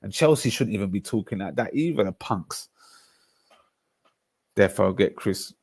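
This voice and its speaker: A young man with a low voice, bantering with his chat on a football stream. He talks in slangy, excitable bursts, and the sound is dry and close, with no room around it. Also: normal speed, breathy edge, no echo.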